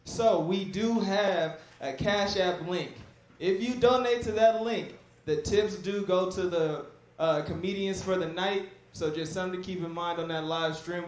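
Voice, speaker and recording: A man hosting a live comedy show, hyping the crowd with loose, profane banter. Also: high-pitched. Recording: echoey club with room noise.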